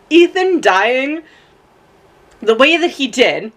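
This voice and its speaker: A woman's voice: on the high side, normal speed, fairly bright tone. A young woman rambling emotionally in a casual book review vlog, swearing freely and close to tears. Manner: rambling, gushing, profane, many fillers. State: close to tears, laughing through crying. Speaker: book vlogger.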